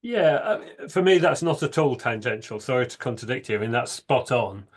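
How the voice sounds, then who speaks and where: Male podcast host, mid-pitched, polite and thoughtful, casual questions. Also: animated, fairly quick. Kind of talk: casual interview.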